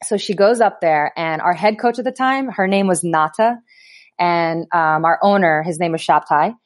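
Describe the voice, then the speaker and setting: Woman telling a lively story. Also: lowish voice, moderate pace. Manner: animated anecdotes with laughs and quoted voices. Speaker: guest, pro basketball player. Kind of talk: casual podcast storytelling.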